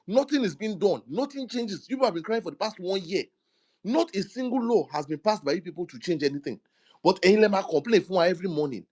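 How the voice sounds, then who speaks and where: A man lecturing forcefully in a heated live discussion, mixing in Yoruba phrases. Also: high-pitched, lively intonation, fast. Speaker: speaker in an online audio discussion.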